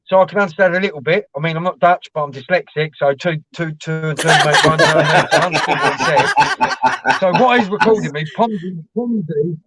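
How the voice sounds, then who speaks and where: A man's voice: on the high side, fairly quick, heavy background noise. A man telling rambling, laughing anecdotes as co-host of a live stream. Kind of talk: casual storytelling chat. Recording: dull lo-fi dry stream audio.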